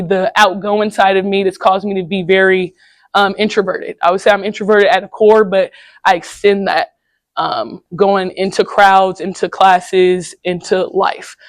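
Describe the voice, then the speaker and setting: A young woman giving a candid, casual personal talk to high school students in a classroom, telling stories in slangy everyday speech. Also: no room sound. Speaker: guest speaker at a high school.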